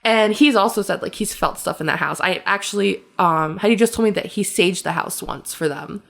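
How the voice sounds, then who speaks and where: A woman co-hosting a podcast, telling stories in a casual, animated way with frequent laughter and lots of fillers. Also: medium pitch, fairly quick, gravelly. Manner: animated storyteller, laughs often, many fillers. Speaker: podcast co-host. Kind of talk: casual chat.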